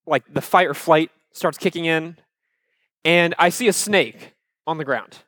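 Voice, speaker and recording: A man from Iowa, telling a personal story to a live audience in a conversational way, with asides to the crowd and animated retellings of his childhood panic. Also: fairly high pitch, a little slow, no room sound, studio quality. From Iowa, USA. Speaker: speaker addressing a live audience.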